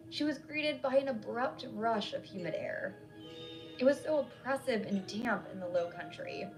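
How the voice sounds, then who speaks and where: A woman's voice: a little high, poor audio. Woman reading a scary story. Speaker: horror story narrator. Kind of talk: scripted narration.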